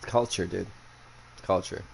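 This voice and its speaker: A man's voice: low-pitched, steady tone, takes it slowly, vocal fry, a little mellow, slight background noise. A young man hosting a casual chat, who rambles bluntly and swears a lot after a few drinks. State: has been drinking. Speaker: podcast host.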